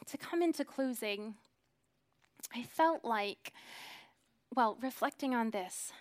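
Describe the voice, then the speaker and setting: A woman in her thirties preaching a sermon, earnest, dropping to hushed whispers and then rising to emphatic swells. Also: medium pitch.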